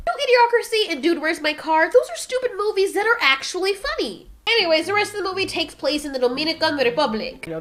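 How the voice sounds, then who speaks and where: A woman's voice: sits high, a bit bright. A woman hosting a comedic movie review, talking in a sarcastic, exasperated way. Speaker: movie reviewer and channel host.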